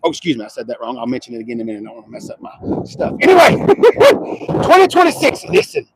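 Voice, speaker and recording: A man doing a casual car walkaround on a dealership lot, loud and excitable, swinging between low murmurs and sudden shouts. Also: very fast, background noise.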